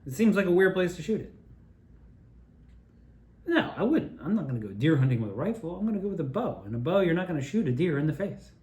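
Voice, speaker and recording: A man's voice: a little high, quick pace. A man spins loose, profane stories with lots of rise and fall in his voice, drifting off topic as he sips a beer. His voice bounces around a roomy, echoing space. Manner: profane, digressive, animated; drinking beer while talking. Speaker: video maker telling childhood stories. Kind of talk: rambling personal storytelling monologue.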